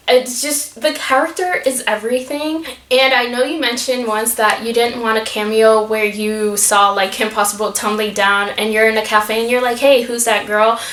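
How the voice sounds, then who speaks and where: A woman's voice: a little high, a bit bright, roomy sound. A young woman vlogging to camera, gushing with enthusiasm, with plenty of fillers. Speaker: YouTube vlogger asking a celebrity fan questions. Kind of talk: casual fan vlog to camera.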